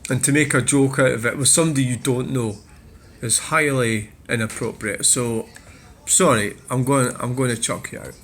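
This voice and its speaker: A man's voice: mid-range voice, steady tone, normal speed, fairly bright tone, slight background noise. A Scottish man hosting a vlog, bluntly and swearily reacting to viewer comments. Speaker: channel host.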